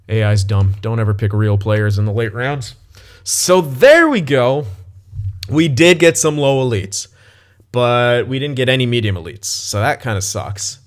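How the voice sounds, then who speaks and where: A young man casually commenting on his gameplay as he plays, thinking aloud, swearing and blurting sudden excited outbursts. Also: medium pitch. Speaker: gaming channel host.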